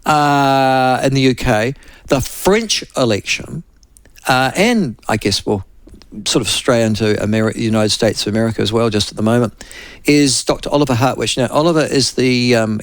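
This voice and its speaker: A man's voice: mid-range voice, brisk, no echo. A man hosting a radio talk show, interviewing a guest in a loose, chatty way with fillers and restarts.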